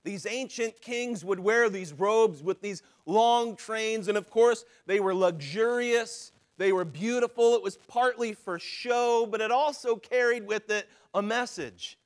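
A man preaching a sermon as a pastor, swinging from loud, driving lines to hushed ones and acting out the voices of people in his stories. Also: high-pitched, measured pace, few pauses. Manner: acts out quoted voices in his telling.

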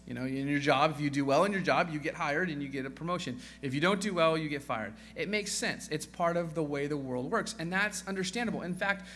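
Male pastor with a fairly high, bright voice, preaching casually with self-deprecating humor. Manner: conversational, acts out quoted voices; self-deprecating joking asides. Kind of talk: sermon.

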